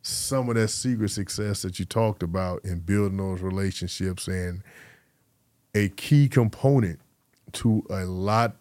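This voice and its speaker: Animated man telling stories. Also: sits low, measured pace, no echo. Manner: animated storyteller who acts out quotes. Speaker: guest, former pro football player. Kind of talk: casual interview storytelling.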